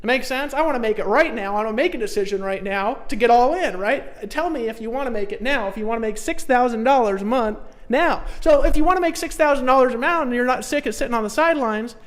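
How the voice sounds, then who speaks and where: Folksy man pushing a live-stream sales pitch. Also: lively intonation, fast talker. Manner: emphatic, repetitive, folksy, pushes the audience to commit. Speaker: online marketing trainer hosting a live stream.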